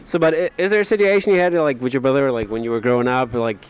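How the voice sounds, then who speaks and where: A man with a middle-pitched voice interviews a rapper outdoors in a city. He asks his questions haltingly, stacking up fillers before he gets to the point. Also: clean tone. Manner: hesitant, filler-heavy questioning.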